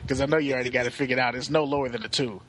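A man's voice: medium pitch, fairly even intonation, very fast, fairly bright tone, a little hiss or hum. A man co-hosting a casual hip-hop podcast, teasing the others. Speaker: podcast co-host.

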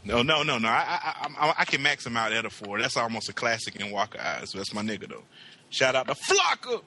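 A man co-hosting a casual hip-hop podcast, animated and laughing, retelling stories. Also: lowish voice, quick pace. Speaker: podcast co-host.

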